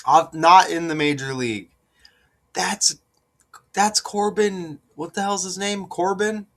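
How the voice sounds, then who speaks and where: A man giving casual solo commentary on sports number patterns, repeating his points with rhetorical asides and growing more insistent. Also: a little high. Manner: slow, deliberate, rising to excited insistence.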